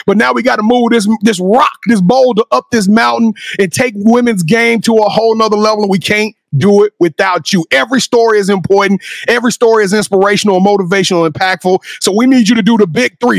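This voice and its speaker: Louisiana guy hosting a sports pod, real high voice, loud and shouty like a hype man. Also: creaky, no room sound, studio quality. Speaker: podcast co-host. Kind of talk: hyped podcast chat.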